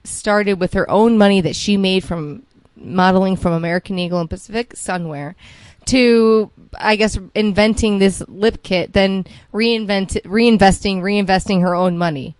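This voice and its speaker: Chatty woman gossiping on a podcast, gushy, quick asides, dry close mic. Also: mid-range voice, darkish tone, smooth, no echo. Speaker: podcast co-host. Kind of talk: casual gossip chat.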